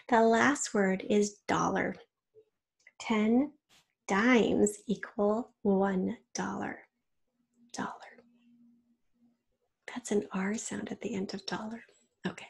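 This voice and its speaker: A woman teaching and dictating a children's spelling test, reading each word slowly in an example sentence and giving spelling hints. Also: mid-range voice, fairly even intonation, vocal fry, husky.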